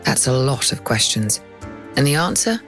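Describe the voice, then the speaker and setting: A woman host giving measured, wry scripted narration. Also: a bass voice, very animated, fairly bright tone, soft background music.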